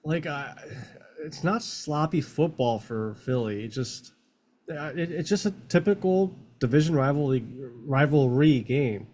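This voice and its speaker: A man's voice: fairly high pitch, animated, unhurried, a little mellow. Laid-back Pennsylvania man chatting. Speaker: watch-along co-host. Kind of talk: casual chat.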